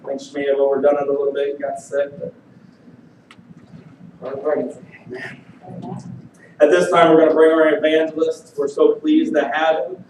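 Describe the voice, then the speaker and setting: A man with a slightly high voice who speaks in a flat, even tone while introducing a guest at a church service, repeatedly affirming with amen. He is recorded from afar in a very reverberant hall, with noticeable background noise. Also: moderate pace, pauses often. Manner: affirming, says amen often. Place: church sanctuary. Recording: echoey hall from far off, noisy.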